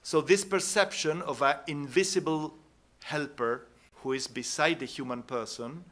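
Slow, bright-toned male lecturer. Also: a little high. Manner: unhurried, pauses with "no?" tags and restarts. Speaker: conference speaker. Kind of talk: academic conference talk.

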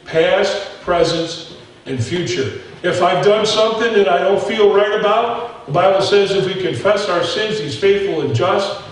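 A man's voice: high voice, a little slow, very echoey, distant mic, poor audio. A man preaching a sermon as pastor, telling stories in a folksy way and talking straight to his folks in the pews. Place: church sanctuary.

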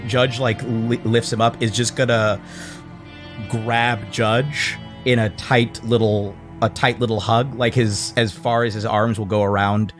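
A man playing a tabletop game, hesitantly describing his character's actions with many fillers. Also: lowish voice. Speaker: player. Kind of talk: casual tabletop role-play.

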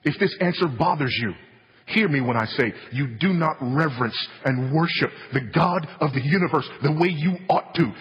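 Male preacher, emphatic and repetitive sermon delivery, fairly high voice, long hall reverb. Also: animated, normal speed, a bit bright. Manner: emphatic, repetitive preaching with falling, solemn stresses.

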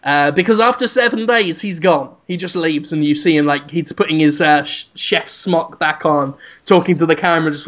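Man telling a comic story, animated, rambling, bright voice, lo-fi sound. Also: on the high side, normal speed, few pauses. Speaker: podcast co-host. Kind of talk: comedic storytelling on a podcast.

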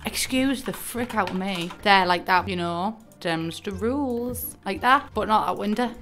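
A woman's voice: medium pitch, moderate pace, fairly bright tone, soft background music. Chatty Teesside woman gaming. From North East England. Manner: chatty, storytelling, self-mocking, broad local slang. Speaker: gaming YouTuber. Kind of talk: casual gameplay commentary.

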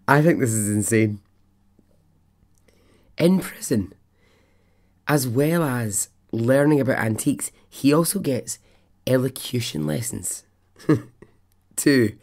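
A man's voice: medium pitch, expressive, takes it slowly, gravelly, pauses often, a little mellow. A man hosting a podcast, telling a true story in a casual, chatty way, laughing often and talking straight to the listener. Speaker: podcast host.

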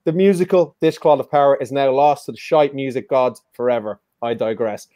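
A man's voice: mid-range voice, brisk, warm tone, no room sound, studio quality. A man hosting a live-streamed music quiz in a casual, joking, teasing way. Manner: joking, teasing, playful banter. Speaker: quiz show host.

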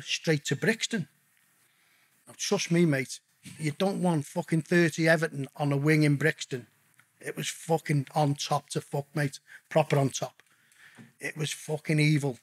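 Husky man telling rowdy stories. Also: on the high side. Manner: profane, swears constantly; lively anecdotal storyteller, addresses the host as mate. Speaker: guest telling his story. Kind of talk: casual podcast interview storytelling.

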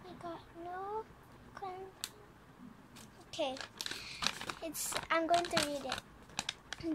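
A young female vlogger opening a gift, excitable and quick to squeal with delight. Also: very high voice. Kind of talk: gift unboxing vlog. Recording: background noise with paper crinkling.

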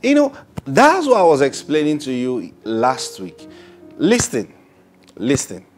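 A man preaching a sermon, opening with prayer and acting out little dialogues, swinging from soft to loud. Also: a little high, wildly swooping pitch, unhurried, soft background music.

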